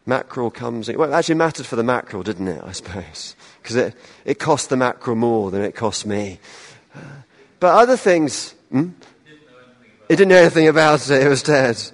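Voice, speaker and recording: A man's voice: mid-range voice, expressive, brisk, in a large hall. A man who is a minister, giving a sermon in a conversational style with self-deprecating humorous asides. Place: church.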